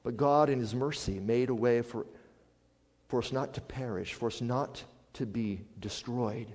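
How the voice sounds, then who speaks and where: A man preaching a sermon as a pastor, swinging from hushed, quiet passages up to loud, emphatic declarations. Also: medium pitch, unhurried. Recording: long hall reverb.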